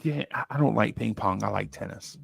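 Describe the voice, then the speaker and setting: A man's voice: fairly low pitch, fairly quick, gravelly, husky, no room sound, clean studio sound. A man hosting a casual sports podcast, talking in a laid-back, rambling way full of slang and restarts. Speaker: podcast host.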